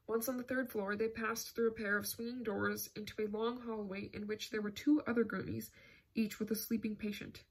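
Woman reading a novel out loud, steady, kinda breathy. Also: on the high side, normal speed. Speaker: audiobook narrator. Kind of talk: scripted narration.

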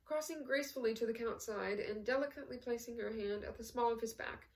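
Woman narrator, novel read-aloud, steady with small slips, higher voice, mic at a distance. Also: fast talker. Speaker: audiobook reader. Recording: voice set back from the mic.

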